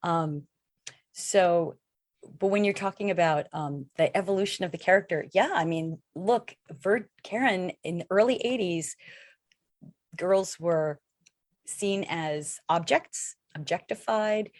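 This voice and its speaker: Middle-aged woman, interview guest; lowish voice, dry close sound, chatty and rambling. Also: unhurried, no echo. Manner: chatty, rambling with many fillers. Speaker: actress guest. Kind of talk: casual interview chat.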